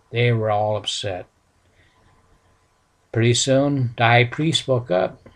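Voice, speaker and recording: A male preacher retelling a Bible story in a folksy, halting way, full of restarts. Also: medium pitch, creaky. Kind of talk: sermon storytelling.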